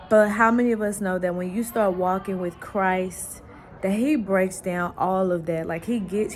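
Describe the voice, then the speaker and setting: A woman hosting her own devotional vlog, telling a family story in an animated, prayerful and heartfelt way. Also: lowish voice, slight background noise. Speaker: faith vlogger and host. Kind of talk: casual devotional chat.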